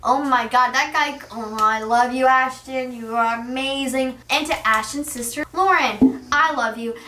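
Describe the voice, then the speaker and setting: A teenage girl vlogging as an excited fan, gushing and saying "like" constantly. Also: high voice, measured pace, echoey room, far from the mic, slight background noise. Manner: gushing, giddy, says "like" constantly. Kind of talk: excited fan chat to camera.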